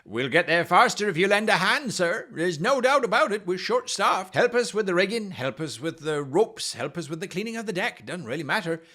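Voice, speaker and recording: A man's voice: sits high, sing-song, fairly quick, few pauses, pushed and bright, pitched above the performer's own voice, exaggerated voice. A man voicing an eager male sailor who urges passengers to help crew the ship. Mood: urging.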